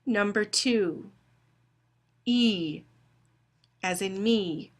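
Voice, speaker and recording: A woman phonetics instructor giving a recorded lecture, deliberately spelling out sounds and dictating test words. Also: mid-range voice.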